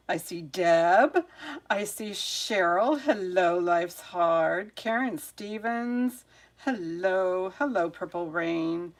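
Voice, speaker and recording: The woman hosting this jewelry sale livestream chats casually, muttering under her breath in a flustered way as tech trouble mounts, and then welcomes each viewer in turn. Her voice is mid-range and slow.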